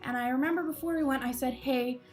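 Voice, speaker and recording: Young woman, high voice, casual vlog storytelling, chatty, self-deprecating, laughs a lot, faint music behind. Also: very fast. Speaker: vlogger.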